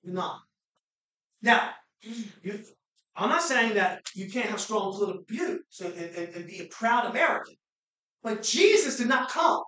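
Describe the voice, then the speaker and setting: A woman's voice: animated, normal speed, long pauses. Echoey woman preaching passionately. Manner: impassioned preaching, rising to shouts and falling to low asides. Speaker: pastor. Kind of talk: sermon. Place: church sanctuary. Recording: very echoey hall, mic far off.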